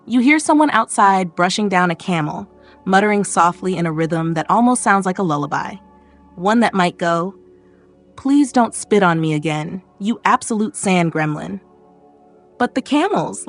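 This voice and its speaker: Calm, gently wry woman narrating a sleep story. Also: medium pitch. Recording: narration over faint background music.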